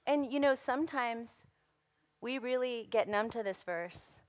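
A hoarse woman delivers a sermon in an unhurried, deliberate way. Her preaching is earnest and emphatic, and she leans on repeated phrases. The sound is dry and close. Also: a little high, dry recording. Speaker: women's ministry speaker.

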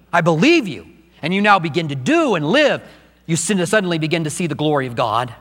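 An older man, a pastor, preaching a sermon with animated delivery and acted-out quotes. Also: on the high side. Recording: long hall reverb, faint mains hum.

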